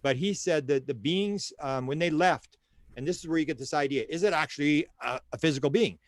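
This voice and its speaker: An older man tells stories as an interview guest, with a slightly raised voice and a rapid, tumbling delivery. He acts out the voices of the people in his stories and repeats words as he hunts for the next thought. The sound is close and dry, with no room echo. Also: fairly high pitch. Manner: animated storyteller who acts out quoted dialogue; repeats words while searching for them. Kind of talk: storytelling in a casual interview.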